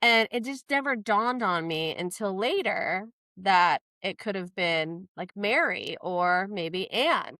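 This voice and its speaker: A woman co-hosting a podcast, telling a personal story in casual chat, animated and full of "like" fillers. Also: medium pitch, takes it slowly, few pauses, no echo. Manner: animated, quotes herself in lively voices; frequent fillers "like". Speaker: podcast co-host.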